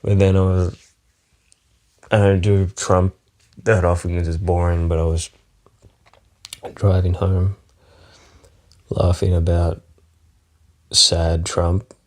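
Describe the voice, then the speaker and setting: Aussie bloke rambling on his podcast, super low voice, swears a lot. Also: little pitch movement, slow, long pauses. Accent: Australian. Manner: rambling, profane, chuckling often. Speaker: podcast host. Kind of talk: solo comedic podcast monologue.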